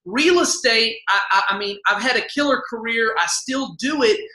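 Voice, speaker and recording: Man, casual sales pitch, bright tone, echoey room. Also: normal speed. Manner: upbeat, folksy, repeats himself. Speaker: co-host of an online sales party.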